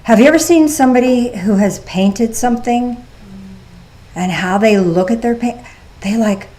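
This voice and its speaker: A woman's voice: on the high side, moderate pace, warm tone. Woman preaching a chatty sermon. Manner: conversational, with playful asides and rhetorical questions. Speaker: pastor. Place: church service.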